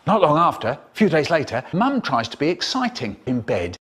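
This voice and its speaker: A man telling comic stories in a theatrical, drawn-out way, cut up and spliced into a remix. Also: on the high side, huge pitch swings, fairly bright tone, husky. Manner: theatrical, drawn-out, exaggerated pauses and voices. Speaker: storyteller.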